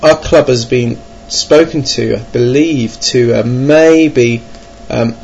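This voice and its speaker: Here a man from England speaks slowly in a gravelly, mid-range voice that's a little mellow. As a board game vlogger, he offers a wry, self-deprecating ramble about his gaming intentions, stumbling over frequent ums. The sound is lo-fi and dull with a trace of noise.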